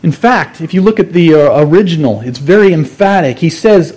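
A man with a notably high voice delivers a sermon. He teaches in an earnest, emphatic way, repeating key phrases to drive the point home. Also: expressive, fairly quick, darkish tone, slightly rough. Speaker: pastor.

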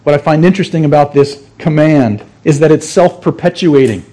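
High-voiced man preaching an earnest sermon. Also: a little fast, dark tone. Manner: earnest, emphatic teaching with repeated phrases. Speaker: pastor.

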